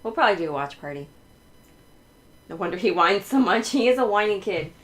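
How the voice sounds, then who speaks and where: A woman hosting a casual livestream, chatting while she decorates, laughing often and filling pauses with ums. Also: medium pitch, animated, fairly bright tone, low-quality recording. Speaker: livestream host.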